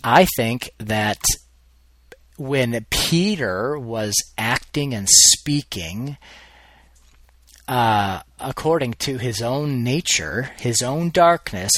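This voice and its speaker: A man teaches from the Bible in a relaxed, conversational way, thinking aloud and often circling back to restart a sentence. His voice sits at a middling pitch for a man. The sound is close and dry, with no room echo.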